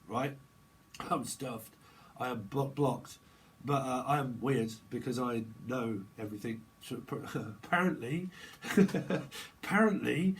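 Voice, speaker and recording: A man's voice: mid-range voice, a little hiss or hum, poor audio. Rambling, laughing man. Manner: rambling, laughs often, slangy and playful. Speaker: tarot reader. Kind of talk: casual chatty tarot reading.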